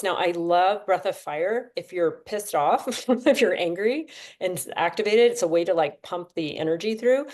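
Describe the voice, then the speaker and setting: Lower-voiced woman guiding breathwork. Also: darkish tone. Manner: chatty, encouraging, talks the class through counts. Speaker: breathwork instructor. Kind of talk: guided breathing class on a video call. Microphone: video call.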